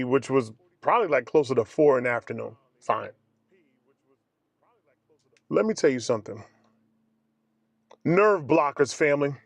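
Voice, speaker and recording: A man telling a personal story casually to his viewers in an animated way, acting out other people's lines as he goes. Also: mid-range voice, dry recording. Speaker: vlogger.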